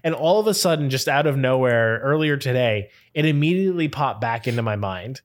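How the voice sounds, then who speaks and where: A male podcast co-host telling a rambling personal story in casual chat. His speech is loose and full of "like" fillers, and he keeps breaking into giggles. His voice sits at an ordinary middle pitch. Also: expressive, brisk.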